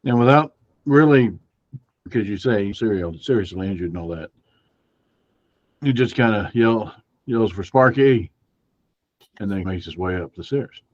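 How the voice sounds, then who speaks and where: A man's voice: on the low side, expressive, moderate pace, pauses often, no echo. A man playing a tabletop role-playing game, describing what his character does in a casual, slightly hesitant way. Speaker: player. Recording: dull remote mic.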